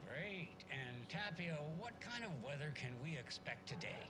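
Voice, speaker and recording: Casting: an upbeat small-town radio host, lively pitch, noisy game audio. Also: male voice, normal speed. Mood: chipper. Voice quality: upbeat, folksy, sing-song. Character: chipper middle-aged male radio host.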